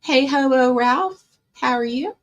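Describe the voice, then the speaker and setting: A woman's voice: high voice, unhurried. A woman hosting a casual livestream from her bedroom, chatting with viewers. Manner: chatty, coos baby talk to her cat. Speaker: livestream host.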